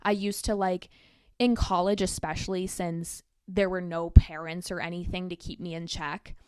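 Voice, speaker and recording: A woman's voice: on the low side, steady tone, normal speed, darkish tone, smooth, dry recording, studio quality. A young woman in her twenties hosting a podcast, telling a story in a chatty, casual way with lots of filler words. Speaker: podcast host.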